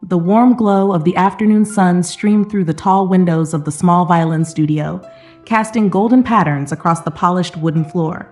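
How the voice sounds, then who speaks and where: A woman narrating a scripted dramatic story in a slow, even, dramatic manner. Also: lowish voice. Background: soft background music.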